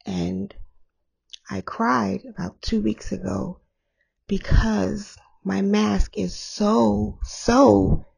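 Hoarse woman podcast host, slow and raspy, candid and rambling. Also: mid-range voice, steady tone, a little mellow. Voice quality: gravelly. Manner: candid, rambling, laughs often. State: hoarse after illness. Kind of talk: candid solo podcast talk.

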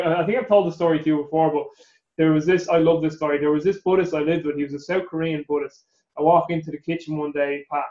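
An Irish man hosts a casual interview, chatty and quick to swear, often stammering into repeated words. His voice sits a bit high. The sound is roomy and somewhat dull, like a remote call. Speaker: podcast host.

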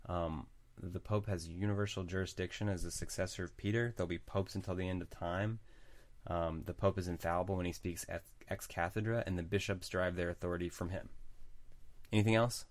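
A man with a very low voice co-hosts a casual podcast, laying out points one after another. The sound is close and dry, with no room echo. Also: brisk. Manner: explanatory, recapping points in a steady list. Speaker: podcast co-host. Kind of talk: casual chat.

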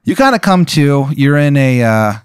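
A man's voice: a little high, very animated, moderate pace, clear, resonant tone, no room sound, studio quality. A young man hosting a podcast, casually telling an improvised crude story with lots of fillers. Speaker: podcast host.

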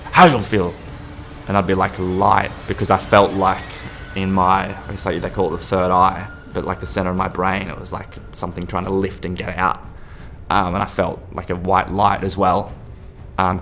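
Deep-voiced man telling a personal story. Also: a bit bright, slight background noise. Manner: halting, restarts mid-sentence. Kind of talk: personal anecdote.

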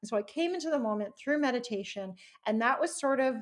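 A woman hosting a podcast interview in a casual, animated way, laughing often. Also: high voice, a little fast. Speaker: podcast host.

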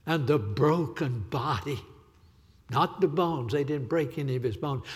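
A man's voice: medium pitch, unhurried. A man preaching an impassioned sermon as a visiting evangelist, pleading with repetition. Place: church sanctuary. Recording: reverberant church hall.

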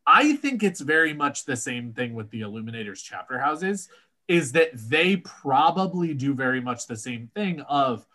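A man co-hosting a casual podcast about a book series, talking in animated, emphatic bursts. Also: mid-range voice, normal speed. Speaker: podcast co-host.

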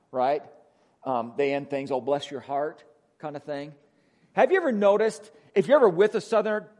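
Speaking with a Wisconsin accent and a slightly high voice, this man, a pastor from Wisconsin, USA, delivers a conversational sermon. Emphatic passages give way to hushed ones, and he frequently checks in with "right?"

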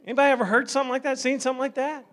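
A man's voice: extremely high pitch, little pitch movement, very fast, fairly bright tone. A middle-aged male pastor preaching a sermon, conversational at first and then rising into fervent preaching.

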